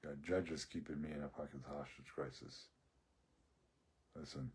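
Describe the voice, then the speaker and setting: A man's voice: a bass voice, big pitch swings, a little slow, a little mellow, breathy edge. A man rambling through a profane personal rant into his phone, breaking into laughs often. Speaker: social media ranter.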